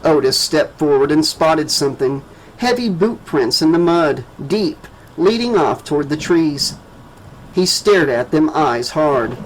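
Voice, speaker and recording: Slow, dramatic male audiobook narrator. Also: fairly high pitch, lively intonation, slight background noise, rough recording. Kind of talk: scripted narration.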